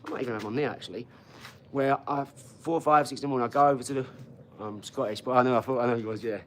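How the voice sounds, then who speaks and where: Talking fast in a medium-pitched voice with fairly even intonation, this livestream host is heard over slight background noise. His casual stream meanders between topics, full of swearing and direct replies to viewer comments.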